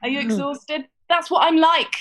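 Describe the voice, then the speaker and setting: Woman comedian, self-mocking, rambling, fillers, video call, slightly high pitch. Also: moderate pace, a crowd in the background, rough recording. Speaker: comedian on a panel. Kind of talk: stand-up style monologue.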